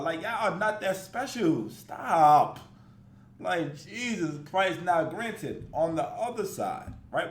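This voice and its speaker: Animated high-voiced man mocking, echoey room. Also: a little hiss or hum. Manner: animated, mocking, swears freely. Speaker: reaction video host. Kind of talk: casual reaction commentary.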